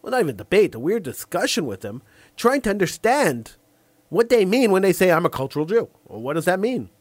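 A man's voice: high voice, very animated, a little mellow, no room sound. Opinionated man hosting a call-in show. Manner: opinionated, repeats words when stuck; acts out imagined callers in quick back-and-forth. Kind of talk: call-in radio talk monologue.

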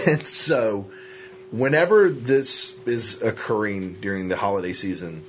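A man co-hosting a podcast, telling stories in a joking, animated casual chat. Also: on the low side, measured pace, slight background noise. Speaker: podcast co-host.

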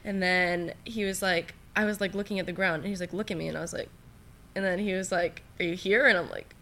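A teenage girl tells her story in a casual chat, her bright, clear voice running on with fillers and acted-out quotes. A faint low rumble sits under the recording. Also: fairly even intonation, fast. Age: teens. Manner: chatty storytelling, many fillers, acts out quotes. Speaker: guest.

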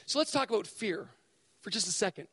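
A man preaching a sermon at a spiritual event, animated and acting out voices to make his points. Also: high voice, a little fast, husky, big-room sound. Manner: animated, acts out voices for effect. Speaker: speaker at spiritual emphasis days.

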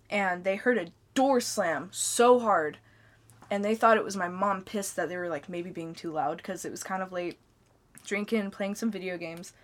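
A young woman co-hosting a podcast, telling stories in a loose, rambling way full of "like.". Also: mid-range voice. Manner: rambling storyteller, heavy on filler "like". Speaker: podcast co-host. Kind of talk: casual podcast chat.

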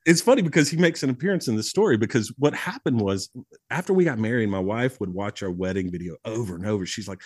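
A man in his forties, a guest on a podcast, telling stories in a casual, animated way with frequent restarts and easy laughter. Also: medium pitch, fast talker, breathy edge, dry recording, clean studio sound. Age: 40s. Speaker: podcast guest, public speaker. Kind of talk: casual storytelling conversation. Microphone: podcast studio microphone.

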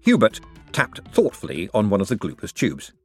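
A man reading an audiobook as narrator with expressive, dramatic storytelling. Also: lowish voice, normal speed, faint music behind. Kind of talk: scripted narration.

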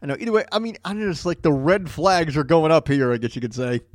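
A man's voice: a little high, fast talker, no room sound, clean studio sound. A man hosting a podcast, joking along over a narrated story, stammering and restarting as he riffs. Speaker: podcast host. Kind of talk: casual commentary.

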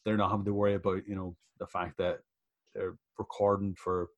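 A man's voice: deep voice, flat delivery, a little fast, lo-fi sound. A man chatting casually on a podcast about wrestling shows, laughing often and swearing freely. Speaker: professional wrestler guest.

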